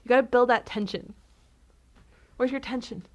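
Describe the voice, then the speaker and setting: A woman's voice: on the high side, fairly even intonation, moderate pace. A young adult woman co-hosting a podcast in casual chat, blunt and teasing, swearing casually. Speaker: podcast co-host.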